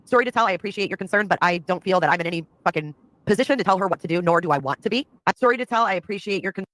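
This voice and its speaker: A woman's voice: mid-range voice, expressive, rapid-fire, a bit bright, dry recording, poor audio. A woman on a livestream reading chat comments aloud and answering them bluntly.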